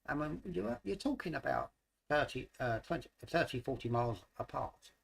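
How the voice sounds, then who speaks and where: A middle-aged London livestream host with a London accent chats casually, rambling and hesitating with lots of fillers. His mid-range voice is gravelly and slightly rough, with lively intonation at normal speed.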